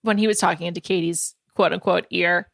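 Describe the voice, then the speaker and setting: A woman's voice: on the low side, steady tone, fairly quick, vocal fry, a bit bright, dry recording, clean studio sound. A woman hosting a podcast, chatting casually and animatedly about a reality show and laughing easily. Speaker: podcast host. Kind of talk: casual pop-culture chat.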